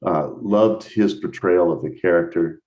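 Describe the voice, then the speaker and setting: An American man teaches a live math lesson over a video call, explaining enthusiastically and thinking out loud as the instructor. His voice sits low with a darkish tone, and he speaks at a measured pace.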